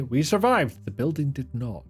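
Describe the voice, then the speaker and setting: A man's voice: medium pitch, sing-song, unhurried, soft background music. A young man streaming gameplay with casual, sarcastic, swear-filled commentary and self-mocking asides. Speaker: game streamer.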